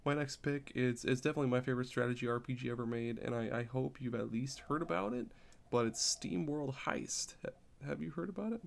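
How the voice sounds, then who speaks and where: A man's voice: medium pitch, fairly quick, gravelly. A man chatting casually on a podcast, rambling and repeating words as he explains. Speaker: podcast co-host.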